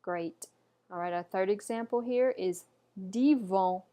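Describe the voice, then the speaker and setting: This online lesson features a woman teaching pronunciation slowly and patiently, modeling words repeatedly and offering encouragement. Her mid-range voice has a dark tone and a measured pace.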